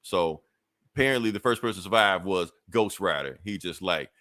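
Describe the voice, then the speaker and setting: A deep-voiced man hosts a podcast and recaps a comic book in loose, casual talk. He swears freely, corrects himself as he goes, and keeps the story rambling along. The recording is dry and close, with no room around it. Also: animated, brisk, pushed and bright, no echo. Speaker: podcast host.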